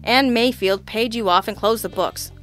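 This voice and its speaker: A woman voicing a loud, blustering police lieutenant. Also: on the high side, moderate pace, faint music behind, lightly acted. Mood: testy, grumbling. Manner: barking, bellowing and exasperated. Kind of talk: audiobook character reading.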